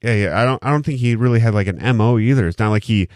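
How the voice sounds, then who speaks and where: A man's voice: lowish voice, fast talker, a little mellow, dry recording. A man hosting a casual podcast, rambling and joking with heavy profanity, recorded close on a studio mic. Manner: rambling, heavily profane, jokey. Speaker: podcast host. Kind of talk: casual chat.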